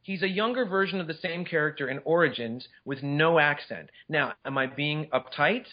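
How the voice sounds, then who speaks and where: A man co-hosting a casual movie chat, talking in excited, incredulous bursts with many restarts. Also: fairly high pitch, normal speed, highs cut off. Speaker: podcast co-host.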